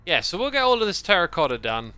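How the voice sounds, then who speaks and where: Bright-voiced man streaming a game. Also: sits high, very animated, quick pace, clear, resonant tone, dry recording. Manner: rambling, thinks aloud, thanks chat. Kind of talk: casual livestream commentary while playing. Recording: faint background music.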